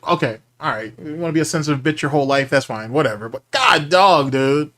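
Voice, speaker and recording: A man hosts a casual livestream and ribs the clips he plays. His pitch swings widely as he teases and scoffs. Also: lively intonation, brisk, hardly any pauses, a bit bright. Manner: mocking, sarcastic, reacting to clips. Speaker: podcast host.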